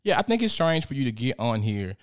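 A young man hosts a casual live stream, talking in an animated, profane way and reading out viewer comments. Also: medium pitch, fairly quick, clear, resonant tone. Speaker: host.

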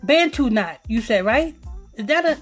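A woman's voice: fairly high pitch, lively intonation, moderate pace, faint music behind. A woman hosting a podcast, ranting in a profane, rambling, preachy way. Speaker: podcast host. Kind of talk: casual podcast rant.

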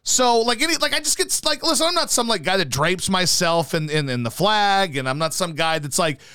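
High, lively, profane ranting man. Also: brisk, smooth, no room sound. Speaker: podcast host. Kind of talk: casual opinionated chat.

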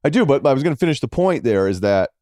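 A man's voice: fast talker, dry recording, clean studio sound. A middle-aged man, a podcast guest, talking sports in a casual, sarcastic way. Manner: animated, sarcastic, jumping between high and low.

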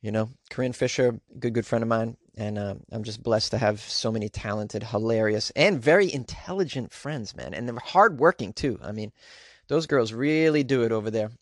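A man's voice: medium pitch, normal speed, no echo, clean studio sound. A man hosting his own podcast in a casual, rambling way, with plenty of ums and side remarks. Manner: rambling, with many ums and trailing asides. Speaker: podcast host and comedian. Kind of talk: casual chat, reading out listener reviews.

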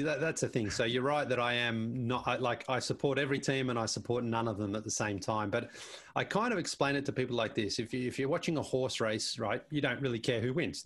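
Man telling stories with restarts. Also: medium pitch. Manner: animated storyteller, frequent restarts and repeated words. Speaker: basketball show panelist as guest. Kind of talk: casual interview chat.

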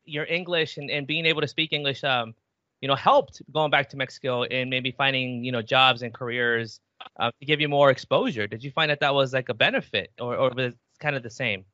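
A man hosts a casual interview, winding through his questions with many "you know"s and restarts. His voice is bright and forceful. The audio is dry and a little muffled. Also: mid-range voice, fairly quick, no echo. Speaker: host.

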